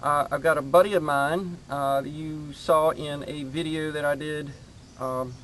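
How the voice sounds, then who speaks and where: A man's voice: a little high, fairly even intonation, fairly bright tone, a little hiss or hum. A man hosting his homestead channel, chatting casually outdoors in his garden and rambling with lots of fillers. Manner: rambling, halting with many fillers.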